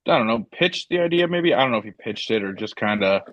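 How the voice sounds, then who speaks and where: A man's voice: lowish voice, animated, quick pace, a bit bright, dry recording. A man co-hosting a casual political talk show, rambling and exasperated. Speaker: co-host.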